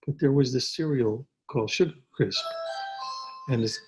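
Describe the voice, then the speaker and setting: An older man, an actor, telling stories in a relaxed interview from his home over a video call, with frequent restarts and repeated words. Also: medium pitch, moderate pace, music in the background, rough recording. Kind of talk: casual storytelling interview.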